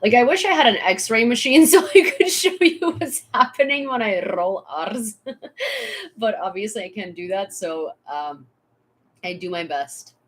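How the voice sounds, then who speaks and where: A woman's voice: a little high, sing-song, measured pace. A young woman from Ukraine, chatting casually with viewers on a live stream, with many fillers and frequent laughter.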